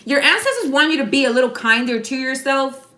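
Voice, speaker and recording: A woman reads tarot cards in a loose, slangy chat and calls out her viewers by name. Her voice sits a bit high and sounds very bright. The room adds a strong echo. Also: very animated, a little fast. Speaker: tarot card reader. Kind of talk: casual live tarot reading. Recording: echoey room.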